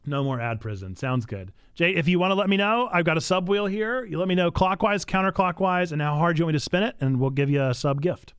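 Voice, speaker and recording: Animated man chatting on a game stream. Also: a little high, fairly quick, slight background noise. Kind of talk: casual live gameplay chat. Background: game music.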